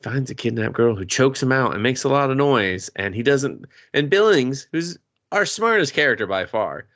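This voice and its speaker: Gravelly-voiced man bantering. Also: mid-range voice, big pitch swings, normal speed, fairly bright tone. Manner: laid-back, profane banter. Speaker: podcast co-host. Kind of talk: casual comedic movie talk.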